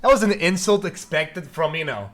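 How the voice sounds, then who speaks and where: Streamer dude joking around, pushy, kinda high bright voice. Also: male voice, lively intonation, normal speed. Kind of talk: casual chat.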